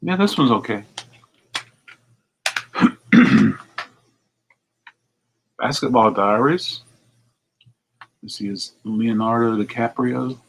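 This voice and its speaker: A man's voice: mid-range voice, drawn-out words, creaky, long pauses, breathy edge, low-quality recording. A man who owns a record store, chatting casually to a video audience while he inspects used CDs, rambling and muttering asides to himself. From United States. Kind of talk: casual vlog talk while sorting CDs. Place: record shop.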